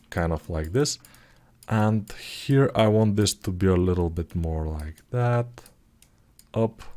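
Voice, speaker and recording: Guy in his 40s doing a chill live modeling tutorial, lowish voice, mumbles when focusing, cracks little jokes. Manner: low-key, murmurs quietly while concentrating, joking asides.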